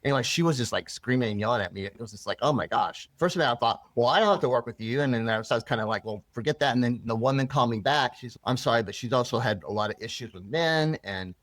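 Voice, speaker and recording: A man's voice: medium pitch, fast talker, few pauses, fairly bright tone, no echo. A man being interviewed, earnestly telling a personal story with many restarts and rambling asides. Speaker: interview guest.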